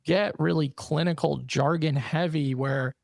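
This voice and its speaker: Male podcast host, gravelly, slightly higher voice, dry close sound, affirming. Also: steady tone, measured pace, dry recording. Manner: affirming, swears casually. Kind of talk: casual conversation.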